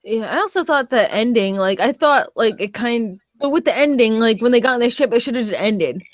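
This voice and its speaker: A woman's voice: on the high side, animated, a little fast, dry recording. A woman chatting casually in a film review, filling her talk with "like", laughing easily and swearing now and then. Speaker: movie reviewer. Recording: dull lo-fi dry sound.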